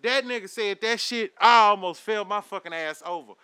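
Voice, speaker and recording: A man delivering a loud, profane, animated rant to his audience. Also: sits high, normal speed, smooth, no room sound, clean studio sound. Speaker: commentary vlogger.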